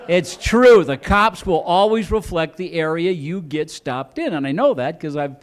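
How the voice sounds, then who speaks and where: A stand-up comic from Chicago plays cops onstage at a club, complete with loud siren sounds and put-on accents. He speaks at a moderate pace in a slightly high male voice with lively intonation.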